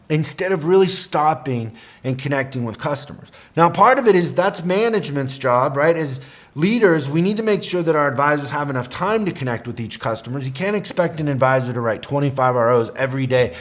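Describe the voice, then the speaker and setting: A middle-aged man giving a motivational training talk to service advisors, telling a personal story earnestly with small restarts. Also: medium pitch.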